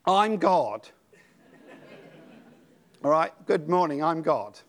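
An older British man delivers a sermon in a high, unhurried voice. He drops low and quiet, then builds to dramatic, ringing shouts. His delivery is passionate and theatrical. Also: animated. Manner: dramatic, swings from hushed to shouting. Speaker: preacher.

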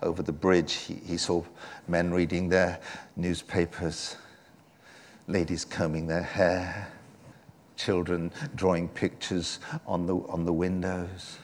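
A man preaching a sermon from England, animated and swinging between soft and loud delivery. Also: deep voice, slow, a little hiss or hum.

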